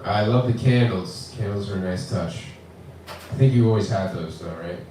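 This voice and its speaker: A man's voice: fairly low pitch, moderate pace, a little hiss or hum. A young man doing a crude, swearing stand-up set at an open mic in a small bar. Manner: crude, swearing, deadpan jokes with acted-out voices. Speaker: stand-up comic. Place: small bar with live audience. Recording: very echoey room from far off.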